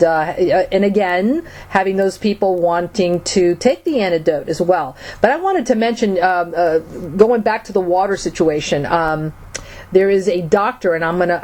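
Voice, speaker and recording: Lady guest on a radio chat, halting and filler-heavy, average pitch. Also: a little mellow. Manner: hesitant, many fillers and restarts, spells slowly. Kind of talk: casual conversation.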